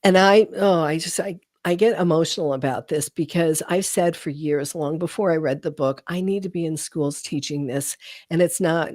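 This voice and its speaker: Earnest woman guest, low voice. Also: moderate pace, a little mellow, no echo, clean studio sound. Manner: earnest, gets emotional. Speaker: guest author. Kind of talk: interview conversation.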